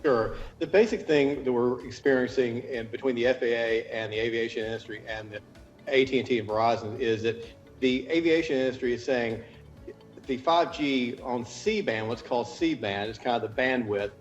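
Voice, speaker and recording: A man's voice: mid-range voice, moderate pace, dull audio, soft background music. A man from the United States, a consultant giving a news interview, explaining at length with restarts and careful hedging. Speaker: interview guest, cell tower consultant.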